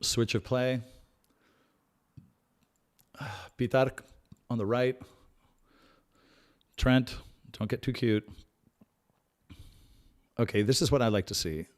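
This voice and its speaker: A man hosting a live match watch-along, calmly analysing tactics and breaking into excited outbursts at big plays. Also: mid-range voice, slow pace, pauses often. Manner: chatty, repeats himself and restarts phrases. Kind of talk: live fan match commentary.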